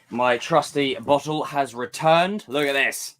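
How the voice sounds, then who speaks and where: A man's voice: mid-range voice, measured pace, few pauses, a little hiss or hum. A man hosting a casual live stream, chatting with his viewers and joking with them. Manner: animated, jokey, talks to chat.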